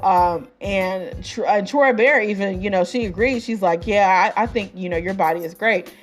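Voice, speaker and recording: Chatty woman podcaster with a loose, rambling delivery. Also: on the low side. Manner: chatty, many fillers and asides, laughs at her own jokes. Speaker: podcast host. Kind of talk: casual album review chat.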